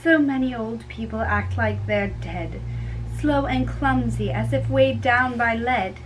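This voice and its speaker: A woman's voice: a little high, unhurried, a little hiss or hum, pitched below the performer's own voice, lightly acted, low-quality recording. A woman reading a play aloud, voicing an impatient young girl in love who presses and pleads for news. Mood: wistful. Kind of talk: dramatic reading.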